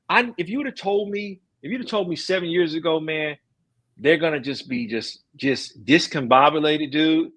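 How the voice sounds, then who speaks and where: A man's voice: sits high, fairly bright tone, breathy edge. A middle-aged man hosting a casual stream chat, ranting emphatically with slang. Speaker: streamer host.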